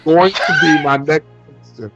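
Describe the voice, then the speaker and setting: A man's voice: a little high, normal speed, fairly bright tone, highs cut off, faint music behind. A man co-hosting a podcast in casual chat, wry and asking questions. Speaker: podcast co-host.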